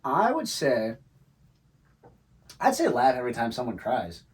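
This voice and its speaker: A man's voice: mid-range voice, huge pitch swings, measured pace. A man co-hosting a podcast, rambling casually, teasing his co-host and swearing now and then. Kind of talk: casual chat.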